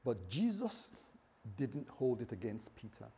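A man preaching a sermon as pastor, animated, swinging between loud bursts and quiet asides, often acting out the voices of others. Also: medium pitch, measured pace, slightly rough.

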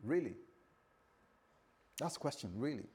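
A British man preaches a sermon in a husky, mid-pitched voice. He talks to the congregation conversationally and with humor, dropping to near-hushed lines and then rising loud. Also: animated, unhurried. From Britain. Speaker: pastor. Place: church.

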